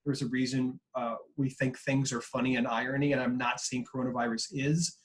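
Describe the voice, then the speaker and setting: A man's voice: mid-range voice, fairly even intonation, brisk. A man in his forties, a consultant on a video-call panel, telling a story in an earnest, reflective way. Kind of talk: panel webinar talk.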